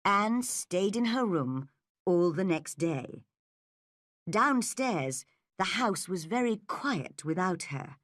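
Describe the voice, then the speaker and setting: A woman narrating a graded story for English learners, slow, clear and expressive. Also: fairly low pitch, no room sound, clean studio sound. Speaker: audiobook narrator.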